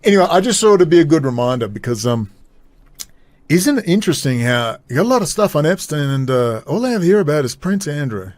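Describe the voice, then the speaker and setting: A man's voice: a little high, big pitch swings, fast talker, a little mellow, no echo. A man hosting a solo podcast, rambling and blunt, swearing freely and trailing off mid-thought. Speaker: podcast host. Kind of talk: casual solo commentary.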